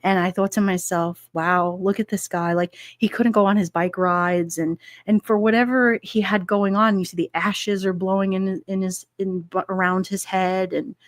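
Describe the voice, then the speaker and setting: A woman's voice: mid-range voice, steady tone, moderate pace, few pauses, dry recording, clean studio sound. A middle-aged woman hosting a livestream, chatting casually and rambling with frequent laughs while she reads out chat comments. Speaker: livestream host reading chat.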